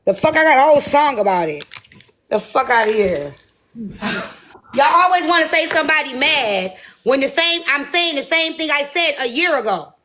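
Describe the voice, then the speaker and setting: Host, woman, high bright pitch, brash and cursing freely, unscripted livestream talk. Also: lively intonation, normal speed, slight background noise. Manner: brash, profane, defiant. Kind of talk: casual livestream chat.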